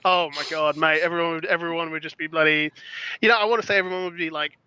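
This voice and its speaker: A man chatting as a podcast guest, excitable and rambling, often breaking into laughter. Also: a little high, fast, a little hiss or hum. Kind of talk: casual chat. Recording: dull lo-fi dry sound.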